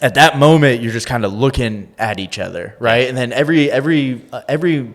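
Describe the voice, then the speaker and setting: Lively storytelling man from rural Tennessee. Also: mid-range voice, a little fast. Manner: lively, acts out quoted voices, frequent laughter, restarts. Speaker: podcast guest, former pro fighter. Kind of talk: casual storytelling in an interview.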